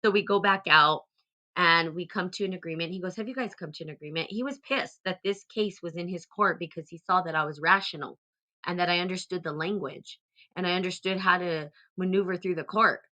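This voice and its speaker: A woman hosting a casual talk, rambling along with many fillers and restarts, turning animated as she retells a story. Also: lowish voice, a little fast. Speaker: host.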